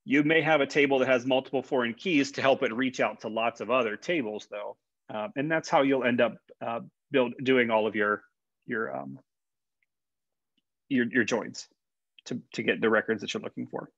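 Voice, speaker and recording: A man's voice: mid-range voice, normal speed, creaky, a bit bright, dry recording. A man, a college instructor, giving a conversational classroom lecture with fillers and repeated words. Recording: dull, dry lecture recording.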